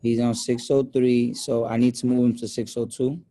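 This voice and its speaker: Brisk man school dean, dark tone. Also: medium pitch, little pitch movement. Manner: brisk, practical. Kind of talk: casual work talk. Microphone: video call.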